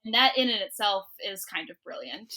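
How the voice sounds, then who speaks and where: A woman's voice: mid-range voice, animated, moderate pace, pushed and bright. A woman guest in a casual podcast chat, speaking in a wry, playful way.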